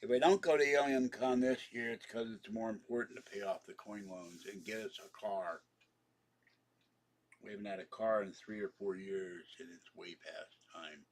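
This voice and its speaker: Husky, lowish man, casual rambling livestream host with a complaining tone. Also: moderate pace. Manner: meandering, complaining, with many restarts and laughs. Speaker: YouTuber livestreaming. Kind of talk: rambling casual live chat. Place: home apartment.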